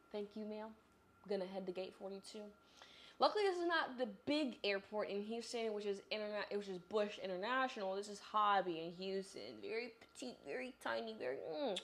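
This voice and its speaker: A young woman in her twenties, a vlogger telling a chatty, animated story about her travel day straight to the viewer while on the move. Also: mid-range voice, fairly quick. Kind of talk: casual storytelling vlog. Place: on the move, traveling through an airport.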